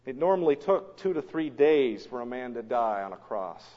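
A man preaching a sermon in a dramatic storytelling manner, swinging between loud and hushed, recorded in a church or large hall. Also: mid-range voice, big pitch swings, moderate pace. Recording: long hall reverb, dull lo-fi sound.

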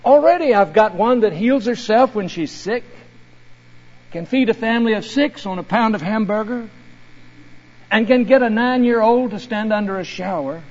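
A man's voice: high voice, normal speed, voice pushed up. A man voicing the Lord God as a proud, tender male creator, telling it earnestly within a sermon. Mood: fervent. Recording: dull recording in a reverberant hall.

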